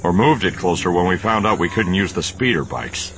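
Deep gruff smuggler, curt and grumbly, bright edge, read by a man. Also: expressive, a little fast, a little hiss or hum. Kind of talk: audiobook narration.

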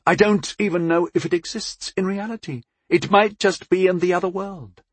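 A man voicing a thoughtful female goddess of fire who speaks in a soft, questioning way. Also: on the low side, steady tone, moderate pace, slightly rough, no echo, pitched above the performer's own voice. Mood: musing.

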